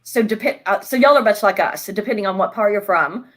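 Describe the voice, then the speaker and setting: A woman's voice: mid-range voice, lively intonation, a little fast. A woman from the American South with a mild Southern accent, chatting playfully and laughing a lot. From Southern United States. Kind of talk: casual chat.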